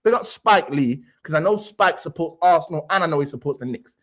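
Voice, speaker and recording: A man's voice: fairly high pitch, expressive, brisk, a bit bright. A young man hosting a livestream, ranting brashly about football with swaggering street slang. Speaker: livestream host. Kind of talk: heated fan rant.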